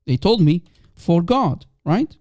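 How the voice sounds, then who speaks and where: A man's voice: high voice, big pitch swings, slow pace, a little mellow, no room sound, clean studio sound. A man whose first language is Aramaic hosts a live call-in stream, talking emphatically and repeating rhetorical questions to his audience.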